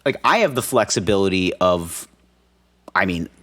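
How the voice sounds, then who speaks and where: A young man co-hosts a casual podcast, joking and swearing as he tells stories. His pitch swings widely, rising and dropping with every bit. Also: normal speed. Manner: animated, profane, joking. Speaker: podcast co-host. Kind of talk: casual chat.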